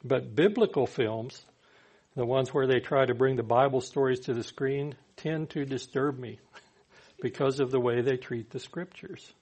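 Male preacher, mid-pitched, gravelly, conversational sermon delivery. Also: fairly even intonation, measured pace, darkish tone. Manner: conversational, acts out quoted speakers.

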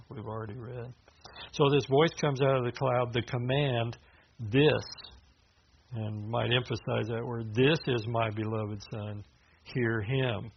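A man preaching a sermon in a loose, conversational way, with restarts and filler words as he explains scripture. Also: creaky. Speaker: pastor. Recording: dull low-fidelity sound with faint hiss.

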